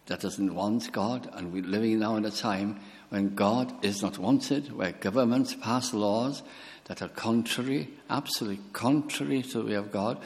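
A man preaching a sermon slowly and earnestly, lifting his voice on key words. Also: on the low side. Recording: long hall reverb.

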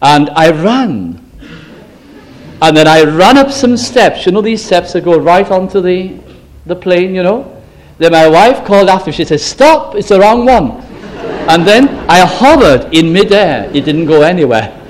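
An older man delivers a sermon in a fairly high voice. He tells stories and leans on slow, emphatic phrases, now and then poking fun at himself. He sounds like a preacher talking straight to his congregation. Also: lively intonation. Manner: storytelling, with slow emphatic phrases and self-deprecating asides.

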